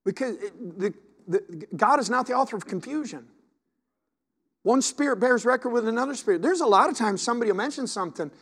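A man's voice: very high-pitched, animated, a little fast, a bit bright, breathy edge. A male pastor preaching a sermon, reading scripture aloud, repeating words, and asking his congregation questions. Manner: repeats words and restarts sentences.

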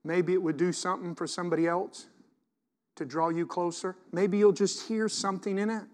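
Middle-aged man, pastor, high-pitched and animated, reads scripture and preaches with swings from loud to soft. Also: fairly quick, long reverb tail. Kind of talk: sermon.

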